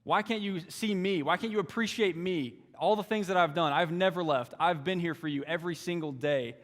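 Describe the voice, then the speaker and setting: A man's voice: high voice, fairly quick, fairly bright tone, pitched above the performer's own voice. A man voicing a resentful older brother who complains that it is not fair, in a hall with a long echo. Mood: resentful, aggrieved. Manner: pleading, aggrieved complaints. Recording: long church hall reverb.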